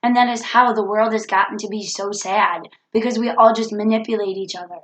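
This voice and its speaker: A woman's voice: mid-range voice, fairly even intonation, fairly quick, echoey room, low-quality recording. A woman with a cold talking earnestly into the camera in a reflective self-help vlog, repeating her key points. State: has a cold. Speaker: vlogger.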